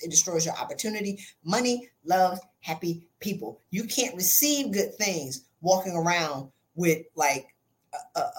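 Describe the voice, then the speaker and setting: A woman who's a podcast host and life coach delivers a motivational monologue, blunt and colloquial, calling listeners "sis." She's animated and sassy, swinging widely in pitch and loudness for emphasis.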